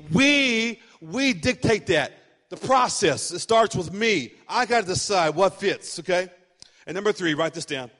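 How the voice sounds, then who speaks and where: High-voiced preaching man in a reverberant hall. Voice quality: animated, emphatic preaching with repetition. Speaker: pastor. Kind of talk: sermon.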